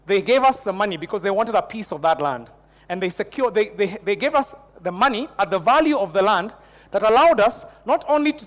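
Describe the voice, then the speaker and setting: A man's voice: high-pitched, in a large hall. A man preaching a sermon to a church congregation, telling a personal story and building into fervent prayer. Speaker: pastor.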